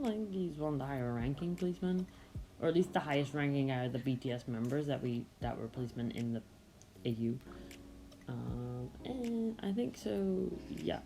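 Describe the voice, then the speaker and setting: Narrating her drawing video casually, a woman with a low, animated voice speaks at a moderate pace, wandering off and often stopping to correct herself. The audio quality is poor.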